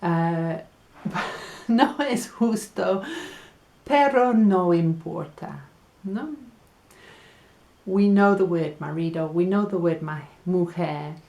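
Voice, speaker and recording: Low, unhurried woman teaching Spanish. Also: vocal fry, a little mellow. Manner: chatty, laughs at her own jokes, slows down for Spanish words. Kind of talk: casual language lesson.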